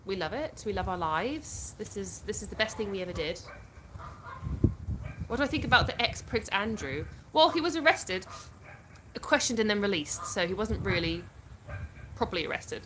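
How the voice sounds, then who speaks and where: A woman in her thirties chats casually on a livestream from home, reading out viewer comments and answering each one. Her voice sits at a middling pitch and comes through a phone. Steady background noise and clicks run behind her. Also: moderate pace, long pauses. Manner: chatty, reads out viewer comments and answers them. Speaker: livestream host. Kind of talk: casual live chat.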